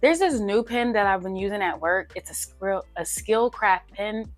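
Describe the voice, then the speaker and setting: A woman's voice: mid-range voice, moderate pace. A young woman chatting casually and playfully while she works through a household budget on paper, teasing herself as she reads numbers aloud. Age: young adult. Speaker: budgeting vlogger.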